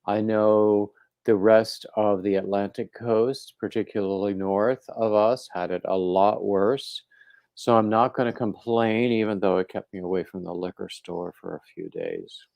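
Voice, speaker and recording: A man hosting a casual crochet livestream, rambling and halting, with plenty of fillers and restarts, and greeting viewers by name as they arrive. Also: fairly low pitch, lively intonation, creaky, a little mellow, dry recording, studio quality. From coastal North Carolina.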